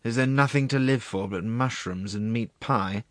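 A man's voice: medium pitch, moderate pace, dry recording, clean studio sound, natural voice. A man doing a grumbling, scornful philosopher. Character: contemptuous grumbling male philosopher.

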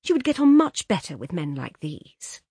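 A woman narrating a classic short story in an expressive, lilting way. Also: on the low side, normal speed, creaky, slightly rough, no room sound, studio quality. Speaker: audiobook narrator. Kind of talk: scripted narration.

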